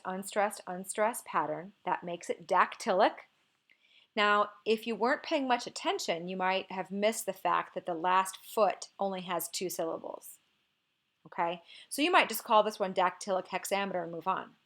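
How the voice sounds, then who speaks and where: A woman teacher giving a relaxed, informal lesson on poetry, sometimes slowing down to read verse aloud with marked stress. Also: mid-range voice. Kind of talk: recorded lecture on poetry.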